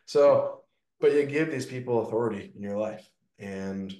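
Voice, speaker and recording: Chatty business owner in an echoey room. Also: male voice, mid-range voice, normal speed. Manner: energetic storytelling, frequent "like" and "right?". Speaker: gutter business owner, guest. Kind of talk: casual interview talk.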